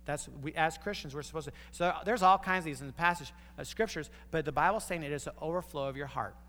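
Male pastor, slightly higher voice, sermon delivery in a long-reverb hall. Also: fast talker, pushed and bright. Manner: storytelling with quoted voices, emphatic repeated points.

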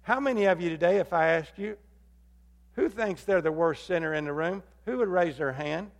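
A man preaching a sermon as pastor, swinging between loud emphatic calls and low hushed appeals. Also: normal speed. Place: church sanctuary. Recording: long hall reverb.

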